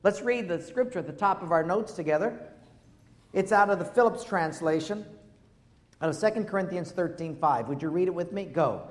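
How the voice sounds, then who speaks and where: A man preaching a sermon as pastor, lively and conversational, asking the congregation questions. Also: sits high, moderate pace. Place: church hall. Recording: long reverb of a large hall.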